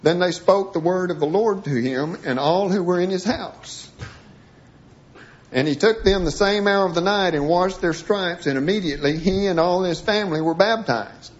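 At a moderate pace, a man with a high-pitched voice preaches a sermon-style Bible lesson, reading passages and breaking them down in pieces with frequent restarts. The recording sounds dull and lo-fi.

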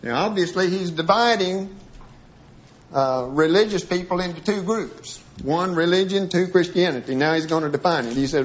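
Speaking at a normal pace in a voice on the high side, this preacher reads Bible passages aloud and then picks them apart bit by bit, often restarting, in a sermon-style lesson. The audio is dull lo-fi.

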